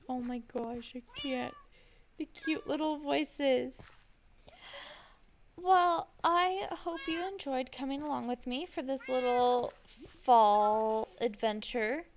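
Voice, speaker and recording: A woman chatting casually while building in a game, gushing over the animals and cooing at them softly. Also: high-pitched, slow, pauses often, a little hiss or hum. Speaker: Minecraft builder. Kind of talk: casual gameplay commentary.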